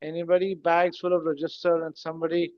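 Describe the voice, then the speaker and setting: A man, speaking as a guest. He talks conversationally, explains things step by step, and throws in rhetorical questions and lively asides. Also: a little high, fast, no echo, dull audio. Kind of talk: conversational talk in an online session.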